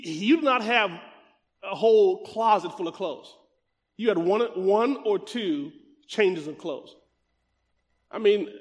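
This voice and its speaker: High-voiced preacher in a reverberant hall. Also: male voice, a bit bright. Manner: emphatic, drawn-out scripture reading; quick conversational asides to the congregation. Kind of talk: sermon. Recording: long reverb of a large hall.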